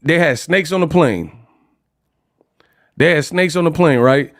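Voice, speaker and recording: A man from California hosting a livestream, ranting casually in an animated, slangy, joking way. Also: fairly high pitch, unhurried. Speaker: host.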